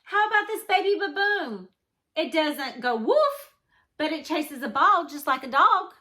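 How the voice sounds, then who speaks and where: A woman reading a storybook aloud and voicing an eager male animal shelter keeper who keeps pitching odd pets in an upbeat, salesy way. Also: big pitch swings, a little slow, sharp tone, exaggerated voice.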